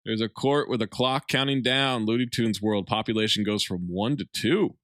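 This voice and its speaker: A man recaps a film scene by scene in an easy podcast chat. He slips in deadpan asides as he goes. The mic is close and dry. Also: lowish voice, normal speed, no room sound. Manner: plot-summarizing, dry jokey asides. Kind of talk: casual movie recap podcast.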